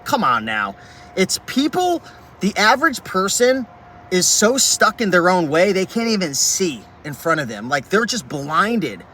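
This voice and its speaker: A man's voice: high-pitched, big pitch swings, measured pace, bright, forceful tone. A man ranting passionately to camera about reselling, talking with many "like"s, recorded in a vehicle with faint traffic noise. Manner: fired-up, passionate rant with many "like"s. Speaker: reselling YouTuber. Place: inside a vehicle.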